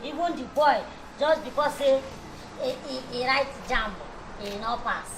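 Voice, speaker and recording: Play a fiery Nigerian woman who hammers her points home, pitched high. The room echoes and noise runs behind her. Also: unhurried. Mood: insistent. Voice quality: emphatic, repeats words, blunt. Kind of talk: comic TV drama.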